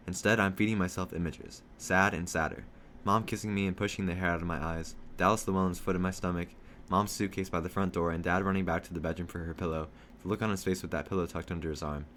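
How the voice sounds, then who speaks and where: Fast, low-voiced man reading a novel. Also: a little hiss or hum. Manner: steady first-person storytelling. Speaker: reader.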